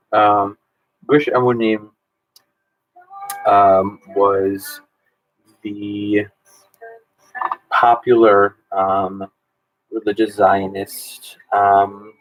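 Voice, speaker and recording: Man teacher in his thirties, fairly low voice, chatty with many ums, dry close sound, casual review session. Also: no room sound, low-quality recording. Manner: chatty, lots of "um"s and restarts. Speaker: history teacher.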